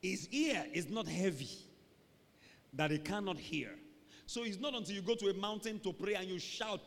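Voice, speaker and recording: A man preaching a sermon to a church, animated and dramatic, acting out little scenes and shouting for emphasis. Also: sits high, normal speed, vocal fry. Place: large church hall. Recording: long hall reverb.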